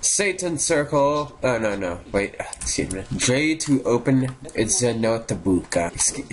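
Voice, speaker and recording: A young man doing let's play commentary, profane and excitable, swinging between low mutters and sudden high yelps. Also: slow pace. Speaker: gaming YouTuber.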